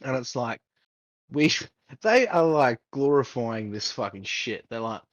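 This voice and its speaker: A man's voice: mid-range voice, lively intonation, unhurried, dry recording. Man, podcast co-host, heated rant, heavy swearing, dry lo-fi sound. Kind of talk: casual chat.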